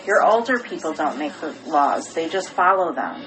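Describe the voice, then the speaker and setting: Lower-voiced woman explaining things plainly. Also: very animated, normal speed, music in the background, rough recording. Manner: explaining in plain terms, asking leading questions. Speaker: podcast co-host. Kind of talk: casual chat.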